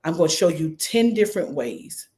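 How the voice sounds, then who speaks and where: A middle-aged woman pastor with a Philadelphia accent, talking to viewers on a livestream in a lively, repetitive way and calling on them by name. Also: sits low, normal speed. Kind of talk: livestream preaching and fundraising talk.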